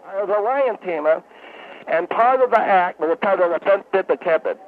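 Voicing a garbled-talking male doctor who once tamed lions, a man sounds touchy and defensive, his words slurred and mumbled. His voice sits high, expressive and a little fast, over a tinny, phone-like line.

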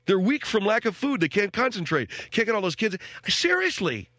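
A man's voice: high voice, very animated, normal speed, bright, forceful tone, no echo. A middle-aged man hosting a talk show, ranting in a rambling, wisecracking way and mimicking the people he talks about. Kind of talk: comic rant to co-hosts.

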